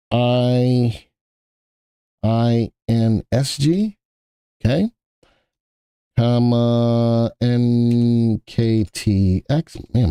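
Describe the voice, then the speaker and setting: A man's voice: mid-range voice, mellow, no room sound, clean studio sound. A man hosting a live stock market stream, chatting casually and thinking aloud as he works, often repeating himself.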